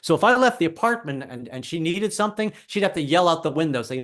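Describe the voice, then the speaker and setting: A man's voice: a little high, lively intonation, fast, few pauses, fairly bright tone. A middle-aged man doing a stand-up comedy set, wry and self-deprecating.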